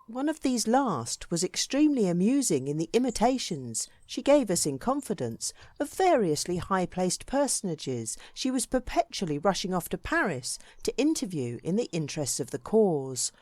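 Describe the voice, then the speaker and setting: A woman reading a classic book aloud as an audiobook narrator, measured and expressive, with varied emphasis. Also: mid-range voice, dry recording, studio quality. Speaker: audiobook reader.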